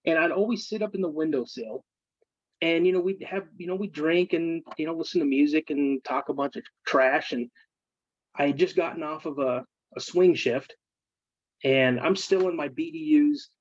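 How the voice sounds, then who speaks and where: A man's voice: a little high, moderate pace, no room sound, muffled recording. A man, a military veteran, casually telling ghost stories from his service and acting out his friends' voices. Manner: animated, acts out friends' voices. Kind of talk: casual storytelling.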